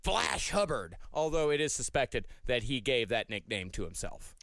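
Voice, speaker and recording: A man hosting a comedic podcast, telling a history story and reading sponsor copy in a relaxed, storytelling way. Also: medium pitch, moderate pace, gravelly, no room sound, studio quality. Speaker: podcast host.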